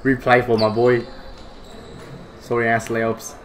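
A young man giving excitable, foul-mouthed reaction commentary. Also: mid-range voice, slow, a little hiss or hum. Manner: excitable, swears a lot, bursts of shouting. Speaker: vlogger reacting to basketball footage.

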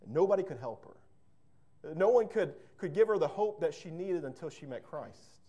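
A man's voice: on the high side, animated, moderate pace, warm tone, dull audio. A man preaching a sermon as pastor, fervent and emphatic, repeating words and breaking into storytelling asides.

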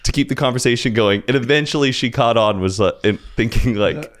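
A man's voice: medium pitch, a little fast. A young man on a podcast as a guest, telling rambling anecdotes in casual chat, full of "like" and "dude".

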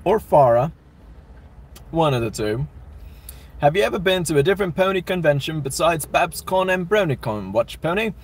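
Young male streamer, slightly high voice, loose and chatty, reads out chat. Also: sing-song, a little fast. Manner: chatty, rambling, laughs often. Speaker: livestream host reading chat. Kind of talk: casual live-stream chat.

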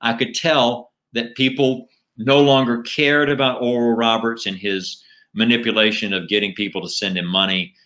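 A middle-aged man, a comedian and ventriloquist, telling animated anecdotes in a casual interview. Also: medium pitch, normal speed.

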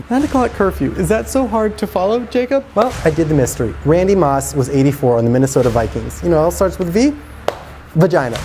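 In a comedy sketch, a male comedian plays a paranoid, overprotective middle-aged mother. She frantically spins wild theories and lets out shrill outbursts, though his voice has a mellow quality.

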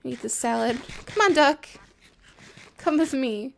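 A young woman casually commentating her own video game play, playful and excitable, chatting to the animals on screen. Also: high-pitched, unhurried, creaky, slight background noise. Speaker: gameplay commentator.

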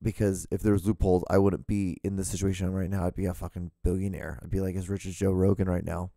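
A man's voice: sits low, little pitch movement, quick pace, vocal fry, dark tone, no room sound. Man, solo podcast host, profane rambling rant, voice starting to go, dry close sound.

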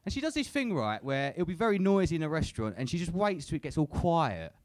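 A young man works a comedy club crowd with crude, profane stand-up. His voice sits a little high for a man and swings widely in pitch. He drops in a casual "innit" after his lines. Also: big pitch swings, fast talker, no echo. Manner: crude, swears a lot, tag questions like "innit". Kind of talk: live stand-up set.

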